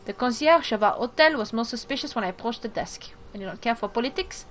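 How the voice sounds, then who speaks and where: A woman's voice: a little high, fast talker. Woman reading game text aloud. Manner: reads narration, then breaks off into excited asides. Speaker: let's play streamer.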